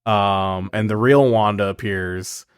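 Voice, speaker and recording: A man co-hosting a podcast, riffing on a film in a casual, animated way, often laughing in disbelief. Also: fairly low pitch, slow, clean tone, no echo, studio quality. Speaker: podcast co-host. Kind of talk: casual movie recap chat.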